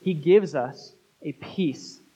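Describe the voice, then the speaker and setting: A man preaching a sermon as pastor, earnest, with dramatic pauses. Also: fairly high pitch, dark tone, breathy edge, rough recording.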